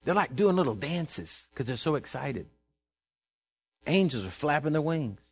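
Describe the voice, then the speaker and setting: Man, pastor, sermon, folksy, calls to the congregation, loud then hushed, fairly high voice. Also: sing-song, a little slow, slightly rough. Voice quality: swings from loud declaring to low confiding.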